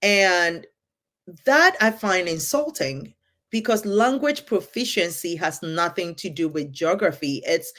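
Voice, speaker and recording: A woman who moved to the United States, talking fast and with emphasis in a candid conversation, acting out what people say to her. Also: fairly low pitch, animated, fairly bright tone. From immigrant to the United States. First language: English. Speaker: podcast co-host.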